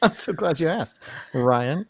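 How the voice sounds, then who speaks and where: A man's voice: a little high, animated, unhurried, gravelly, breathy edge, dry recording. A man co-hosting a casual live stream, easygoing as he reads out viewer comments. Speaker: co-host.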